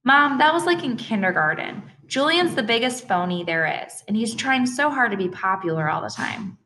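A woman's voice: fairly high pitch, lively intonation, moderate pace, sharp tone, pitched above the performer's own voice. Woman playing an exasperated schoolboy. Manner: exasperated, insistent. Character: exasperated middle school boy.

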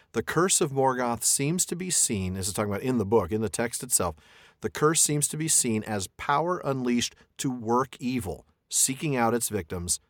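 A man's voice: mid-range voice, no echo, studio quality. A man co-hosting a podcast in a casual book discussion, thinking aloud and reading quotes with frequent restarts. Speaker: podcast co-host.

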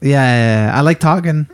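A man's voice: fairly high pitch, creaky. Blunt joking podcast guy. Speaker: podcast host. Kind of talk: casual podcast banter.

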